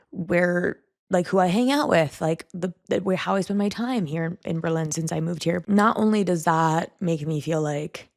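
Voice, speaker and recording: A woman's voice: on the low side, creaky, a little mellow, no echo, studio quality. A young woman vlogging a candid, rambling personal monologue, full of "like" fillers. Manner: rambling, frequent "like" fillers, self-critical venting.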